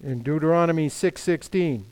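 A man's voice: fairly high pitch, moderate pace, darkish tone, poor audio. A middle-aged man preaching a sermon as pastor, emphatic, firing off rhetorical questions and quoting scripture.

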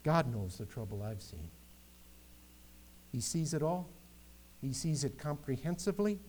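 A man's voice: medium pitch, warm tone, slight background noise. A male pastor preaching a sermon to his congregation, rising into emphatic recitation when he quotes scripture.

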